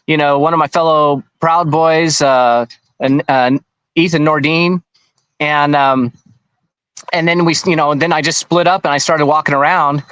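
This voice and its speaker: Higher-voiced man telling his story. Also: fairly bright tone, clear, resonant tone, no echo, rough recording. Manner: rambling, with many restarts and asides. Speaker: interview guest. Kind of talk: conversational interview, recounting events.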